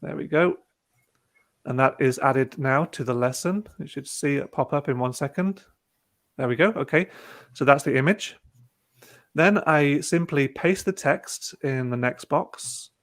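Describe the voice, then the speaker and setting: A man presenting an online webinar, calmly talking through each click of a teaching tool step by step. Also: a little high, unhurried. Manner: relaxed, talks through clicks step by step with fillers. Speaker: presenter demonstrating a teaching platform. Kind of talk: casual online webinar demo. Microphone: video call.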